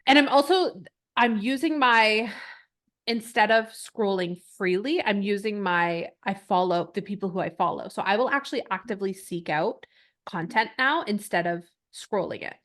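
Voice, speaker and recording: A woman's voice: medium pitch, moderate pace, fairly bright tone. A woman co-hosting a podcast, telling stories in casual chat. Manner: chatty storyteller, laughs while telling stories. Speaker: podcast co-host.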